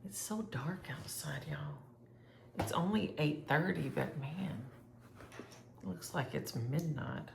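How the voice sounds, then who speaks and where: A woman's voice: low-pitched, slow, vocal fry, reverberant, background noise. A woman chatting casually and rambling as she shows her cross-stitch projects to viewers. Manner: chatty, rambling, thinks aloud. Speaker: flosstube host.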